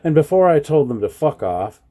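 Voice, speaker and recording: A man ranting in a personal vlog, agitated and swearing often, at times raising his voice to a shout. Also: fairly high pitch, very animated, a little fast. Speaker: vlogger. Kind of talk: angry personal vlog rant.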